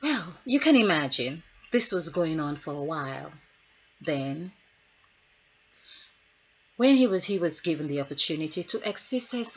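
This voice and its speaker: A woman's voice: low-pitched, very animated, unhurried, pauses often, breathy edge. A woman who works as a healer, giving a spiritual numerology talk in a rambling, musing way with storytelling asides. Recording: dull lo-fi recording.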